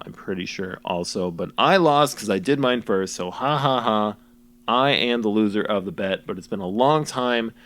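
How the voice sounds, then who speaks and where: A young man musician rambling goofily through his own album commentary, joking at himself with lots of fillers. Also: fairly low pitch. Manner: goofy, self-mocking, many fillers.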